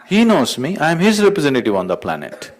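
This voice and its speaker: A man's voice: fairly high pitch, wildly swooping pitch, quick pace, voice pushed up. A man voicing an indignant, self-important Pope turned away at heaven's gate, talking with pompous outrage. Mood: insistent.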